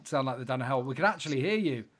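A man's voice: medium pitch, expressive, racing, fairly bright tone. A man co-hosting a podcast, asking questions and teasing his partner. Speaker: podcast co-host. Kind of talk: casual chat.

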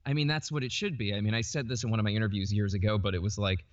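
A man's voice: on the low side, fairly even intonation, very fast, lo-fi sound. A man who works as a voice actor, a guest in a casual podcast chat, rambling and filling his talk with "like". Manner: rambling, leans on "like" a lot.

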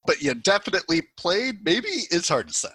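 Husky-voiced man, chatty podcast co-host. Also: high voice, very animated, a little fast, fairly bright tone, dry recording. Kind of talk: casual chat.

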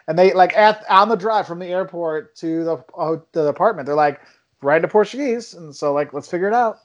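A young man on a podcast, telling travel stories in casual chat and acting out quotes in lively voices. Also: fairly quick, lo-fi sound. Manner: animated storyteller, acts out quotes with big pitch jumps. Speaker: travel video maker, podcast guest.

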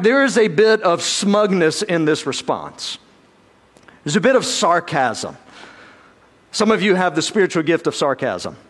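A pastor preaches emphatically to his congregation, slowing down and dropping his voice low on key words. He adds touches of light humor along the way.

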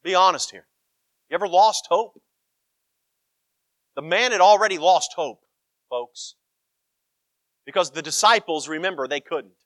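A man preaching a sermon, emphatic and animated, swinging between loud cries and hushed asides. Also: sits high, measured pace, long pauses, no room sound, clean studio sound.

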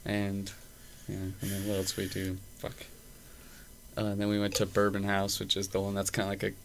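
A young man with a slightly low voice tells a bar story for his podcast in a loose, profane ramble. Faint noise hums under the recording. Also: completely flat delivery, moderate pace, creaky. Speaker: podcast host. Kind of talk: casual chat.

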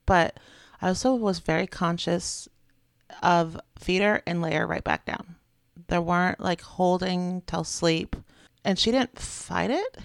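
A woman in her thirties chats on a podcast in an easy, conversational way. Her voice has some gravel in it, and the dry recording keeps it close. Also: on the low side, unhurried, dry recording. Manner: chatty, quotes her kids in playful voices. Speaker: podcast co-host. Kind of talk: casual chat.

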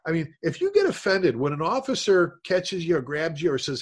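A man co-hosting a casual podcast, telling fire service stories in a rambling, halting way with many restarts. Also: a little high, sing-song, slightly rough.

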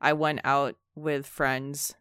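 A woman's voice: rumbling low, flat delivery, slow, fairly bright tone, clean tone, dry recording, clean studio sound. A peppy young woman co-hosting a podcast, telling a story in casual chat. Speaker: podcast co-host.

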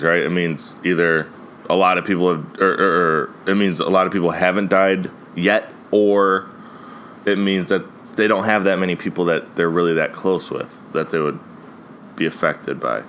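A mid-twenties podcast host from Ohio, USA, with a low-sitting, slightly bright voice rambles through a casual solo show, constantly saying "like" and "dude," swearing and laughing a lot. There's slight background noise.

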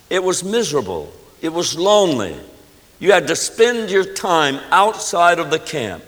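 A male pastor delivers an emphatic sermon in a church sanctuary. His pitch swings widely as he preaches and leads the congregation in prayer. His voice sits a little high for a man and trails off into the long reverb of a large hall. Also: a bit bright.

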